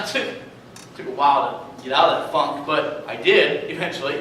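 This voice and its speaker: A man's voice: on the high side, a little fast, far from the mic, slight background noise. Man preaching in an echoey hall. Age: 30s. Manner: storytelling, conversational, animated asides. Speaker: youth speaker. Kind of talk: sermon. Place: large hall at a retreat.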